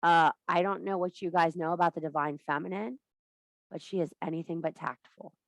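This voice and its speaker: A woman's voice: fairly low pitch, fairly even intonation, brisk, no echo. Blunt, profane woman preaching to a women's circle. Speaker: spiritual teacher. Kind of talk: impassioned women's circle talk.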